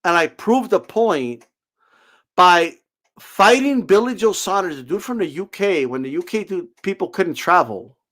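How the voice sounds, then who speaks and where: A man with a high voice delivers a fired-up boxing rant. He swears freely and mocks his critics sarcastically, telling them to shut up. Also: expressive, a little slow, fairly bright tone. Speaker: boxing commentator. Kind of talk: ranting commentary.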